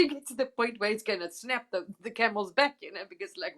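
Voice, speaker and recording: A woman's voice: medium pitch, expressive, fast talker, hardly any pauses. A woman hosting a casual spiritual live chat, talking emphatically and rambling a little, with mild swearing and laughter.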